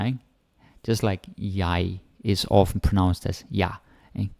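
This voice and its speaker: A man from Denmark with a Danish accent, teaching Danish grammar in a casual lesson and repeating example phrases slowly. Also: deep voice, fairly even intonation, creaky, a little mellow, no echo, studio quality. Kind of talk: casual online language lesson.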